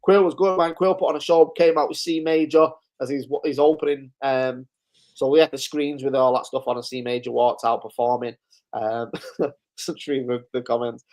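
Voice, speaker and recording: A man's voice: mid-range voice, little pitch movement, moderate pace, a little mellow. A man hosting a live-stream recap, chatting casually, swearing freely and chuckling through his stories. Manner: loose, swearing, chuckling storyteller. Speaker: host.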